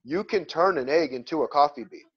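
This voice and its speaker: Energetic man, emphatic motivational storytelling, slightly high voice, lo-fi sound. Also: brisk, breathy edge. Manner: energetic and emphatic, talks in repeated phrases. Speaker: guest, motivational speaker.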